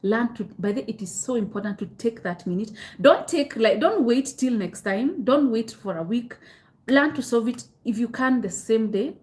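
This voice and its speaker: A young woman with a Kenyan accent talks to viewers on a live stream in a candid, chatty way. She answers their comments, keeps coming back to the same advice and slips Swahili phrases into her speech. Her pitch sits in the middle range. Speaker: host of a live self-help session.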